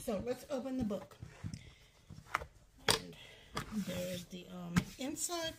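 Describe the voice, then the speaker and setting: A woman's voice: mid-range voice, lively intonation, slow pace, creaky, heavy background noise. A middle-aged woman from Ohio gives a casual, rambling show-and-tell of her craft project, with apologetic asides. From Ohio, USA. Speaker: craft vlogger.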